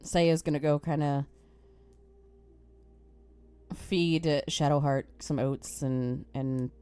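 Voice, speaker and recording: A woman's voice: low-pitched, slow pace, clear, resonant tone, no room sound, soft background music. A woman playing a tabletop role-playing game, chatting loosely and sometimes swearing, now and then slipping into her character's voice. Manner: relaxed, loose, swears casually. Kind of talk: casual tabletop game chat, partly in character.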